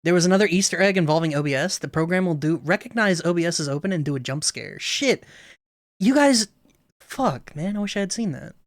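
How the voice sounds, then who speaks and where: A man's voice: high-pitched, lively intonation, brisk, no room sound. A man streaming a game, commenting bluntly and swearing freely into a close desk mic at home. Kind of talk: let's play commentary.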